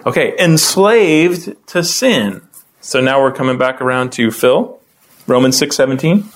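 Chatty man teaching a Bible class. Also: measured pace. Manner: conversational, calls on people by name to read; lively, often rising in pitch when explaining.

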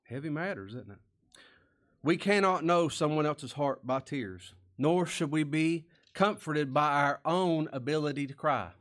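A man preaching a sermon as pastor, folksy and plain-spoken, asking rhetorical questions and sometimes dropping to a hush. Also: fairly high pitch, animated, a little slow.

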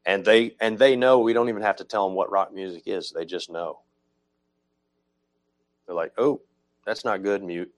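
A man's voice: deep voice, fairly even intonation, normal speed, pauses often. A man preaching a teaching sermon about music, explaining patiently, repeating himself and correcting his own slips as he goes. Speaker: pastor.

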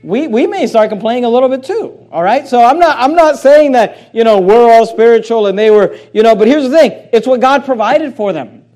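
A man preaching a sermon and reading King James scripture, with a dynamic delivery that swings from loud emphatic lines to quiet low asides. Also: animated, fairly quick, hardly any pauses.

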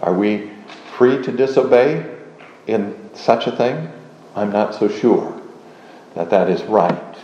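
Man, low mellow voice, measured teaching pace, dull roomy recording. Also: expressive. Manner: measured, deliberate, with frequent uh fillers. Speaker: teacher of a confession. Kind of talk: doctrinal teaching lecture.

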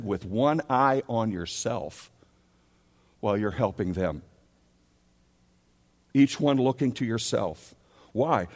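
A man preaching a sermon as pastor, emphatic, repeating key words and swinging between loud and soft. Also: medium pitch. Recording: long reverb of a large hall.

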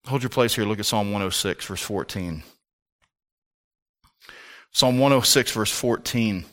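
A man preaching a sermon with passion, rising to near-shouts and firing rhetorical questions at the congregation. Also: lowish voice, a little slow. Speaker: pastor.

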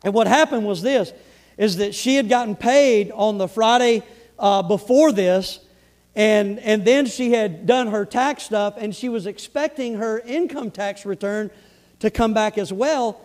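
Preacher, man, fairly high voice, sermon storytelling with big loud-to-quiet swings and repeated phrases. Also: measured pace. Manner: swings from loud, rising build-ups to hushed, low delivery.

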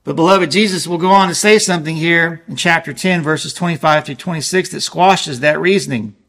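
Earnest male preacher, fairly high voice. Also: a bit bright. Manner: earnest, emphatic preaching, slowing for stressed scripture. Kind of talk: sermon.

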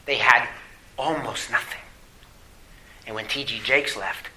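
A male pastor delivering a sermon, reading scripture aloud and asking the congregation rhetorical questions, swinging from emphatic to hushed. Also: mid-range voice, unhurried, low-quality recording. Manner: emphatic preaching with rhetorical questions, drops to quiet asides.

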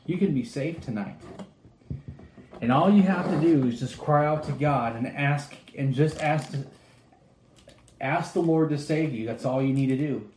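A man's voice: on the high side, a little slow, pauses often, a little mellow, roomy sound, slight background noise, poor audio. A man preaching a sermon, reading Bible verses aloud and then calling his listeners to be saved.

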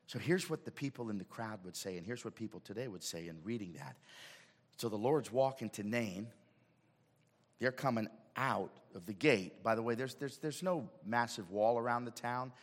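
A man preaching a sermon as pastor, swinging from hushed asides to shouted emphasis. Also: lowish voice, normal speed, long reverb tail. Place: church sanctuary.

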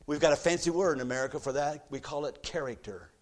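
A middle-aged man preaching a sermon, telling a personal story and swinging from hushed, soft passages to loud, forceful exhortation. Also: fairly high pitch, fast talker, hardly any pauses. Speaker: pastor.

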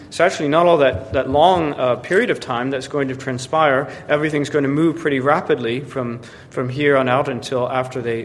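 A man preaching an expository sermon, emphatic and given to repeating words as he restarts. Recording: long hall reverb with faint rumble.

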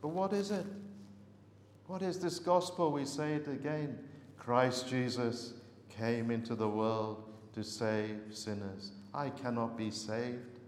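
A man preaching a sermon earnestly, repeating words for emphasis and pausing on fillers. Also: mid-range voice, a little hiss or hum. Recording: echoey hall with long reverb.

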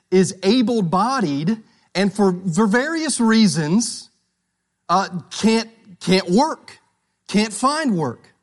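A man preaching a sermon to a congregation, repeating key phrases with emphasis and putting questions to his listeners. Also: high-pitched. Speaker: pastor.

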